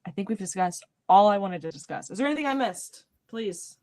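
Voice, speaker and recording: A woman's voice: medium pitch, expressive, a little fast, mellow. A woman with a light North Carolina accent hosting a book club chat, laughing often and talking animatedly. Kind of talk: casual video call chat.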